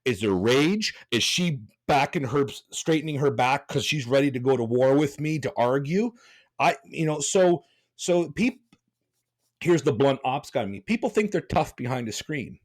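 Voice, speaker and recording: A man's voice: medium pitch, expressive, moderate pace. A man hosting a podcast, talking bluntly and passionately, rambling with restarts. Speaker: podcast host. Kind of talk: casual podcast chat.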